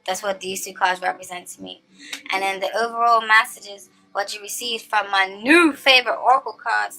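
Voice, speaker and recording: A woman giving a casual tarot reading to her viewers. She is chatty and animated, often checks in with "okay?", and slows down to stress her points. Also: mid-range voice, soft background music. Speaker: tarot reader.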